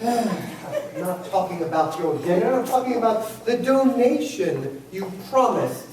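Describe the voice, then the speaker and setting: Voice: medium pitch, animated, a little slow, lightly acted. A performer playing a haughty society hostess. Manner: haughty, exasperated. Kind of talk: live dinner-theatre comedy. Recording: echoey room from far off, faint noise.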